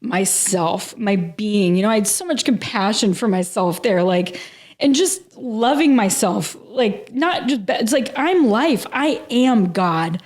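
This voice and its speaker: A woman's voice: mid-range voice, expressive, slow, a little mellow. A woman as a podcast guest, telling a personal story in an earnest, emotional way and saying "like" constantly. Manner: earnest and emotional, heavy use of "like". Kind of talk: casual interview storytelling.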